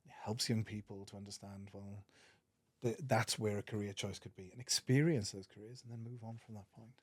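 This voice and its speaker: Low-voiced Welsh man telling stories. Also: fairly quick, no echo. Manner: earnest, animated storyteller with frequent restarts. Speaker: podcast guest, managing director. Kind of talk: casual interview storytelling.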